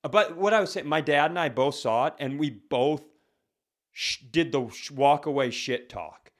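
A man's voice: a little high, moderate pace. A man co-hosting a comedy podcast, rambling in loose casual chat, stopping and restarting his sentences and swearing freely. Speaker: podcast co-host.

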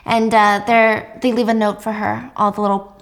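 A woman hosting a casual chat, retelling a drama with animated, playful storytelling. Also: mid-range voice, normal speed. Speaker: host.

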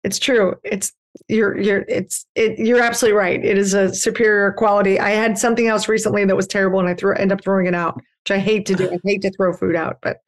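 A woman's voice: mid-range voice, flat delivery, fast talker. A woman actress and comedian, a guest on a podcast, chatting in a self-deprecating way. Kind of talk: casual chat.

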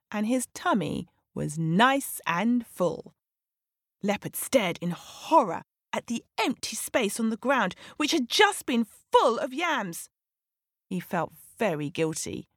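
Expressive woman storyteller, unhurried. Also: medium pitch, no room sound, studio quality. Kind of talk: children's story narration.

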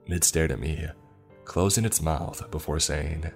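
A man narrating a scripted horror story in a steady, measured telling, over faint music. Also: rumbling low, gravelly.

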